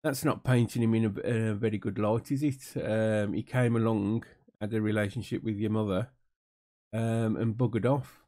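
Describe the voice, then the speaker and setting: British man, mellow tone, wry reaction-video host. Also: on the low side, steady tone, normal speed. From United Kingdom. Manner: dry, mocking, many fillers. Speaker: commentator reacting to an interview. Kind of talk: casual sarcastic commentary.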